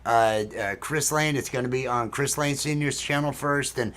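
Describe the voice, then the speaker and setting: A man's voice: medium pitch, normal speed, a bit bright, clear, resonant tone. A man hosting a livestream music night over a video call, chatting casually and rambling with lots of fillers. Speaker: livestream host.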